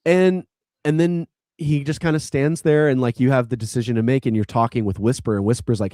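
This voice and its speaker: A man's voice: medium pitch, fairly even intonation, a little fast, dark tone, dry recording. Man, podcast co-host, casual rambling chat, dry close sound. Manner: rambling with many likes and restarts. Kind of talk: casual chat retelling a game story.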